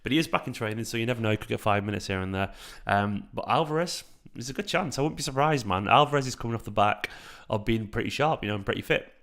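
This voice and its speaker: A man in his thirties hosting a late-night live stream from home into a microphone, talking in a hushed, half-whispered way, with a raspy voice. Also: medium pitch, expressive, fast, hardly any pauses. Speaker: fan channel host streaming a match watchalong. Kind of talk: casual live chat with viewers.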